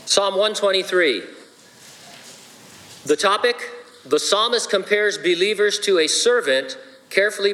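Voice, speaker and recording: A man's voice: on the high side, fairly bright tone, slight background noise. A man, a pastor, preaching a sermon with playful, joking asides. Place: church sanctuary. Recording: long hall reverb.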